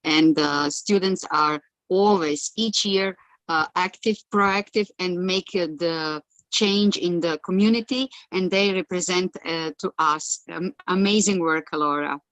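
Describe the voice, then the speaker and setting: A woman guest praising a presentation in halting, repeated phrases. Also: on the low side, fairly bright tone, no echo, rough recording. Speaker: event guest. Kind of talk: short praise remarks. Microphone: video call. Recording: dry video-call audio.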